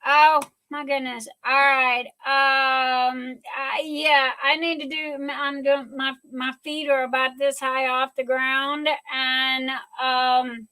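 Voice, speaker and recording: A woman's voice: high-pitched, little pitch movement, sharp tone, clean tone, low-quality recording. An older woman hosting a live stream, chatting casually and gushing emotionally. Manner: gushing, emotional, drawn-out speech.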